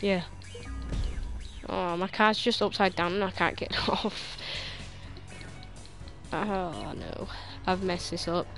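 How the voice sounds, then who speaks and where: Over music, a young woman with a lowish voice and steady tone commentates on her online races, taking it slowly with long pauses. She talks with friends on voice chat during play and, easily frustrated, repeats words when under pressure.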